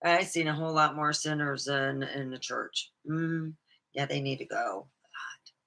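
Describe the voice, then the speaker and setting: Woman, rambling vlog monologue, swearing, sarcastic, bright voice. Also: deep voice, unhurried. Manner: rambling, swearing, jumps between topics; sarcastic, laughs at her own jokes. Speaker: vlogger. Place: alone in her room.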